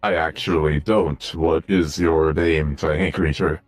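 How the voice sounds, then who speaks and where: Massive slow creature, super deep booming voice. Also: male voice, fairly even intonation. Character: huge slow-spoken creature mount.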